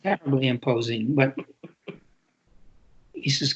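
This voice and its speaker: A man's voice: fairly high pitch, lively intonation, measured pace, husky. A man in his eighties from New York City, an author speaking reflectively in an interview, often repeating words for emphasis. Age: 80s. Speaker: author guest. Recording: lo-fi muffled audio.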